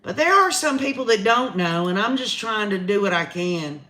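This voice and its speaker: Chatting straight to her viewers, a Southern American woman keeps up casual live commentary as a livestream host. She has a mid-range, expressive voice with a sharp tone, speaking at normal speed.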